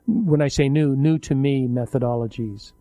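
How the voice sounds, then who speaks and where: An older man hosting a radio talk show, speaking in a halting, reflective way and often correcting himself mid-sentence. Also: medium pitch, dark tone, no echo. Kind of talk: casual interview chat.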